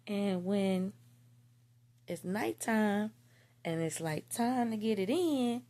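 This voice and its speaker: A woman's voice: medium pitch, takes it slowly, warm tone. A woman telling a personal story in a candid, profane, slang-heavy casual monologue.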